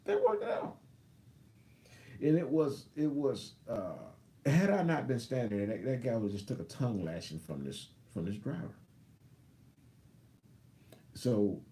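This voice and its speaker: A man's voice: mid-range voice, dark tone. A man in his fifties, a truck driver, telling a rambling story on a live stream and backing up to restart often. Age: 50s. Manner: rambling, backtracks and restarts, acts out both sides of a story.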